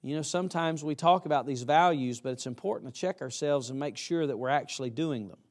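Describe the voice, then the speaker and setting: A man's voice: a little high, a little fast. A man preaching a chapel sermon to college students in a folksy, emphatic way, acting out what students say.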